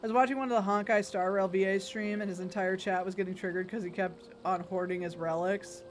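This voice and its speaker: A woman's voice: mid-range voice, steady tone, brisk, slight background noise. A woman chatting casually to her stream chat while playing a video game, rambling and joking. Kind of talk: casual gaming stream commentary.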